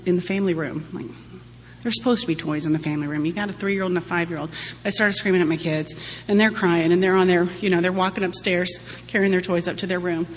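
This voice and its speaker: A woman in her forties giving a candid, humorous personal testimony to a meeting audience, often laughing as she talks. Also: lowish voice. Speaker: speaker sharing at a recovery-group meeting. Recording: long hall reverb, faint hum.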